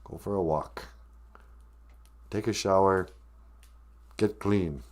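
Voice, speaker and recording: A man hosting a comic podcast, rambling and deadpan with sarcastic asides. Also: low voice, takes it slowly, long pauses. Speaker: podcast host.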